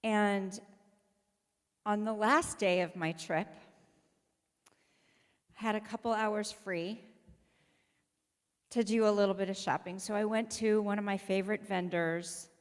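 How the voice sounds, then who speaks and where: A woman rabbi tells a story from the pulpit in a relaxed, conversational way, voicing the people she quotes. Her voice sits at a middling pitch. The sound carries the long reverb of a large synagogue sanctuary. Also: a little slow, long pauses, clear, resonant tone. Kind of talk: sermon, personal storytelling.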